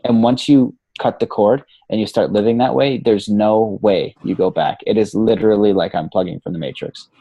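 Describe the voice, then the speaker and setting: A man with a mellow, warm voice talks in a relaxed interview. He is animated and casual, tossing in swear words and "you know" all through. The sound is close and dry. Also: on the low side, normal speed, few pauses, slightly rough, no room sound. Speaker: podcast guest, coach.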